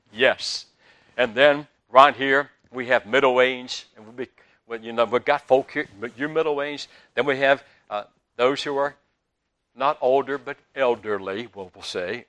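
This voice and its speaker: An older man with a Southern US accent preaching a sermon, telling stories with big swings between loud and soft. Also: medium pitch, a little slow. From Southern United States. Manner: animated storytelling with big swings in loudness.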